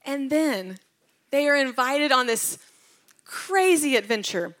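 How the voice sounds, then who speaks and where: A woman's voice: high-pitched, lively intonation, slow, fairly bright tone. A woman retelling Bible stories in a casual devotional talk. She tells them with animation and drops to a whisper at tender moments. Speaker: Bible teacher.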